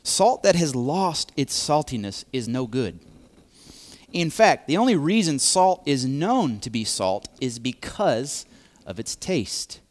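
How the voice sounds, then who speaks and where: A man preaching a sermon, speaking deliberately and repeating key phrases for emphasis. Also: medium pitch, big pitch swings.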